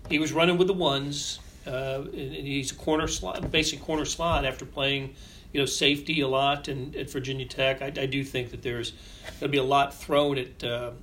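A man co-hosting a sports podcast, talking casually and haltingly, repeating words while he searches for the right phrasing. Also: medium pitch, fairly even intonation, fairly bright tone, a little hiss or hum. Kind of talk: casual sports analysis chat.

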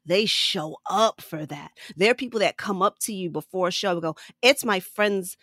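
A woman stand-up comedian, a guest on a podcast, telling stories in an animated way and laughing often. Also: on the low side, a little fast, dry recording, clean studio sound. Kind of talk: conversational podcast interview.

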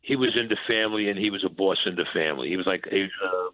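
Rapid-fire and low-voiced, a guest who once worked as a mob enforcer tells an interview story, acting out both sides of past conversations in coarse, straightforward street talk. The recording is dry and comes over a tinny phone line.

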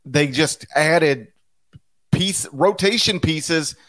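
A man's voice: on the high side, no room sound, clean studio sound. A man co-hosting a basketball podcast, talking casually and with animation, often restarting his sentences. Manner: animated, chatty, with restarts and quick asides. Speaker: podcast co-host, basketball analyst.

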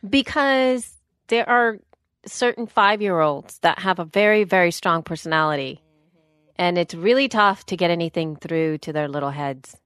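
A woman's voice: lowish voice, moderate pace, fairly bright tone, clear, resonant tone, dry recording, studio quality. A woman in her thirties co-hosting a casual chat show, talking in a loose, rambling way. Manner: rambling, many restarts and fillers. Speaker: podcast co-host.

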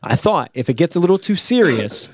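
A man's voice: a little high, big pitch swings, fairly quick, dry recording, studio quality. A man co-hosting a podcast, playful and joking in casual chat. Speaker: podcast co-host.

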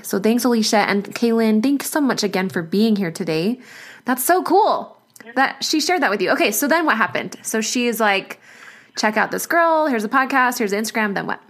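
A woman who hosts a podcast as a postpartum coach, talking in an effusive, warm way in a casual interview. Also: mid-range voice. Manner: warm, effusive, gets emotional.

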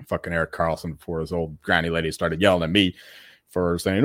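Low male co-host, casual and rambling, dry close-miked sound. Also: level tone, a bit bright, dry recording. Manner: rambling, halting restarts, swears and laughs. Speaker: podcast co-host. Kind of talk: casual sports betting chat.

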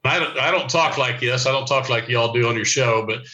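Man, sixties, tense bright tone, folksy rambling storyteller. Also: medium pitch, brisk, lo-fi sound, slight background noise. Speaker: guest, former player. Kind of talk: casual storytelling.

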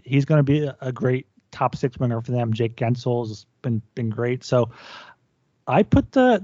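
A man's voice: medium pitch, warm tone, no echo, muffled recording. A man from the United States co-hosting a casual sports talk, earnest, often restarting his sentences. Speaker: podcast co-host. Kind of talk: casual chat.

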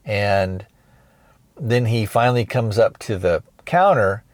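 A man with a fairly low voice talks through a film review on his podcast. He rambles casually, retelling each scene and dropping into quick quoted lines. The sound is dry and close, with no room around it. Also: expressive, no room sound. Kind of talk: casual spoken film recap.

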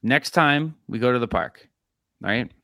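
A man co-hosting a podcast in casual chat, animated and acting out quotes. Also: mid-range voice, unhurried, dry recording, clean studio sound. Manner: animated, acts out quotes in voices. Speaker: podcast co-host.

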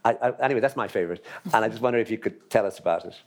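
An Irish man with a lowish voice hosts a book club talk in front of an audience. He muses his way through his questions, pausing on ums and circling back on his words before he lands a thought. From Ireland. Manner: musing, hesitant, many ums and restarts. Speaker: host of a book club conversation. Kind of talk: literary conversation before an audience.

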